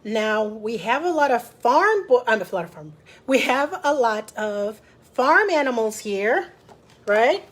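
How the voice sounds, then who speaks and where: High-voiced woman, unhurried storytime librarian. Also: big pitch swings. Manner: chatty, talks directly to young children. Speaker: children's librarian. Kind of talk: storytime read-aloud.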